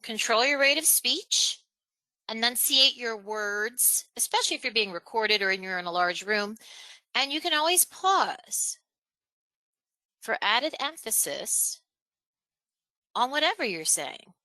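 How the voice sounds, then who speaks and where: Lively woman running a zoom webinar, bright and a bit high, dry close mic. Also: a little slow, pauses often, no echo, poor audio. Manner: energetic, emphatic, varies tone and pace on purpose. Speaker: webinar presenter. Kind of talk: online presentation training.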